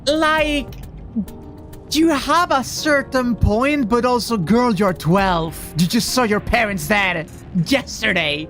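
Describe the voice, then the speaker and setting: A woman's voice: a little high, takes it slowly, a bit bright, soft background music. A woman streaming a video game, chatting casually, joking and swearing as she plays. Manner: profane, joking, laughs often. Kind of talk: casual gameplay commentary.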